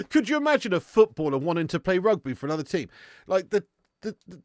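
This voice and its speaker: Guy, watch-along host, bouncy animated pitch, dry close sound, cheeky swearing banter. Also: brisk, dry recording. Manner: animated banter with swearing, reads and answers chat. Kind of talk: live watch-along chat with viewers.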